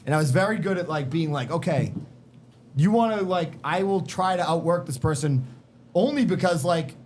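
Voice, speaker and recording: A man's voice: on the high side, normal speed, a little mellow, slight background noise. A middle-aged man with a slight Boston accent, telling work stories as a podcast guest in a blunt, profane, emphatic way. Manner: profane, emphatic, street-smart. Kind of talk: casual storytelling chat. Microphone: podcast microphone in a garage.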